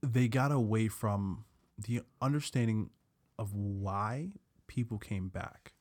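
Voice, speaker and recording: A man's voice: lowish voice, slow pace, a little mellow. A man co-hosting a podcast in casual chat, joking and playful, with some swearing. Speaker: podcast co-host.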